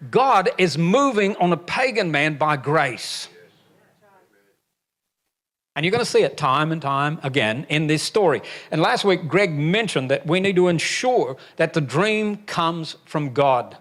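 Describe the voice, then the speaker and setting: An older pastor delivers a sermon, his voice sitting a little high for a man. He preaches emphatically and drops folksy, joking asides between his points. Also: lively intonation, measured pace, a bit bright. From Alabama, USA.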